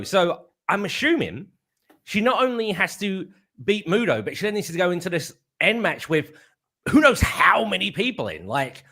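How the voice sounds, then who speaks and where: A man's voice: high voice, a bit bright. A man hosting a casual wrestling preview chat over a video call, upbeat and chatty. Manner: upbeat, chatty, quick to laugh. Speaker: host.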